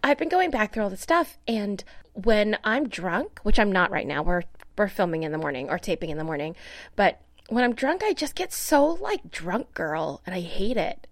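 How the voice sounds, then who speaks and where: A woman's voice: mid-range voice, lively intonation, moderate pace, no room sound. A woman co-hosting a podcast in casual chat, talkative and self-deprecating, laughing often. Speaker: podcast co-host.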